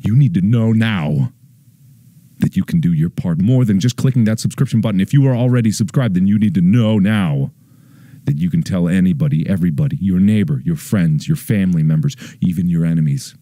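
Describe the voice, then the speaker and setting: A man in his twenties making a mock-dramatic plea to his viewers, over-the-top solemn, swinging between hushed lines and near-shouts. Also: low voice, fairly quick, dry recording, studio quality. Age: 20s. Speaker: YouTuber.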